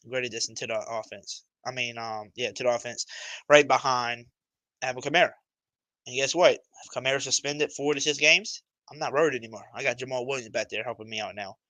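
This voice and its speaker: A man hosts a casual sports talk livestream in a bright, forceful voice. He speaks emphatically, uses plenty of slang, and repeats his points. The sound is dry and close. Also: medium pitch, steady tone, fairly quick, dry recording, low-quality recording. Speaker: livestream host.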